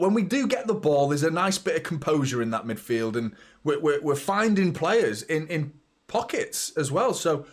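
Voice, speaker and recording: A middle-aged man at an ordinary male pitch hosts a watchalong of a live match. He chats with viewers, swears freely, and breaks off to react loudly to the play.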